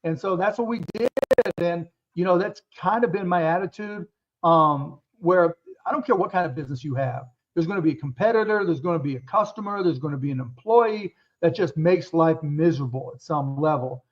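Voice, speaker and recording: Speaking a little high and fairly quick, a business guest in his fifties recounts his early career during a casual interview. He's blunt and candid and swears freely, all captured in dull, lo-fi sound.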